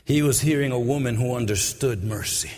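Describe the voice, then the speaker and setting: A man preaching a sermon in a church. He moves from quiet, low passages to sung-out, shouted climaxes. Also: brisk, long reverb tail.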